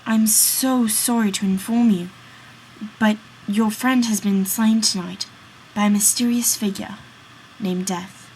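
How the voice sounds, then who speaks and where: Woman playing a polite servant, solemn, slow storybook reading. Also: medium pitch, steady tone, darkish tone, a little hiss or hum, lightly acted, low-quality recording. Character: apologetic young servant bearing bad news.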